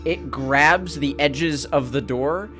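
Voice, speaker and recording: A man's voice: fairly high pitch, takes it slowly, over music. A man narrating a tabletop role-playing game as game master, with vivid descriptions.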